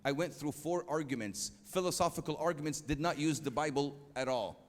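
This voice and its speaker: A man giving a church youth lecture, emphatic, slowing down for quotes and asking the audience questions. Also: a little high. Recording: long hall reverb.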